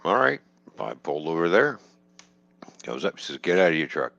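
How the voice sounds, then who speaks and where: A man with a very low voice tells a casual story from his truck-driving days, acting out both sides of the talk and cursing freely. The sound is dry and close but a bit dull and lo-fi. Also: sing-song, moderate pace, creaky, a bit bright, no room sound. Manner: swears freely, quotes dialogue, laughs while telling. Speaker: truck driver telling a story.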